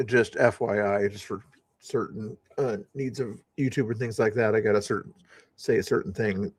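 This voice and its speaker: A man's voice: fairly low pitch, steady tone, normal speed, husky, no echo. A man hosting a live news commentary stream, speaking in a sarcastic, scoffing way.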